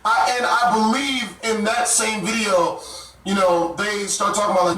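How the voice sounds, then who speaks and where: High-voiced man telling a story, echoey. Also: normal speed, slight background noise. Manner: animated, profane, laughs while telling. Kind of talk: casual storytelling. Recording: echoey room, mic far off.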